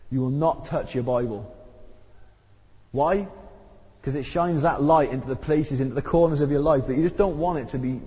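Speaking in a husky, somewhat mellow voice, a man with a sore throat preaches a conversational, emphatic sermon whose pitch rises at key points. It was recorded in a church hall, sounding dull with a long hall reverb.

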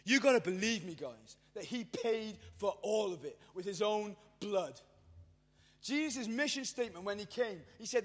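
A man preaching a sermon in casual slang, with self-mocking asides, building from easy storytelling to shouted fervor. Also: sits high. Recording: long hall reverb.

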